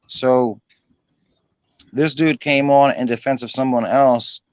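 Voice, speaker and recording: A man hosting a loose online hangout. His voice sits at an ordinary middle pitch and sounds close and dry, with no room around it. He rambles, piles on "um" and "like," and swears offhand as he talks. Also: fairly even intonation, slow, a little mellow, dry recording. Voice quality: rambling, swears casually, many fillers. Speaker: host of an online hangout stream. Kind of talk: casual chat.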